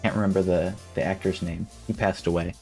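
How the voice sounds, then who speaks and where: A man's voice: deep voice, fairly even intonation, a little fast, vocal fry, mellow, soft background music. A man chatting casually on a live stream, rambling and restarting his sentences. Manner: rambling and self-interrupting, breaking off to test impressions.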